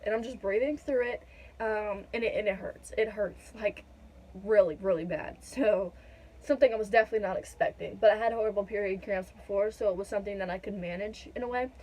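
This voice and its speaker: Speaking briskly at medium pitch, with a slightly mellow tone, a young vlogger tells her viewers a personal story. She's chatty and direct, using "da da da" as filler, and the recording is rough.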